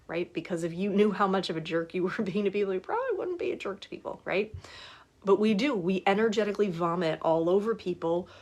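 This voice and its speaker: A woman's voice: medium pitch, darkish tone. A woman in her forties talking casually to her viewers as a life coach. She is chatty and keeps asking for agreement as she goes. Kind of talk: casual live talk to viewers.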